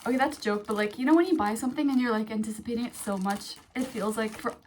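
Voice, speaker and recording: A young adult woman vlogging in a casual, chatty way, ranting and getting excited, with lots of fillers. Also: a little high, fast talker, few pauses, slight background noise. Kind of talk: casual vlog chat.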